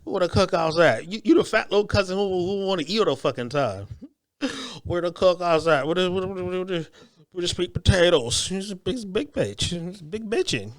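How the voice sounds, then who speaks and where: A man's voice: high voice, lively intonation, a little fast. A man giving crude, mocking reaction commentary on video clips, laughing often.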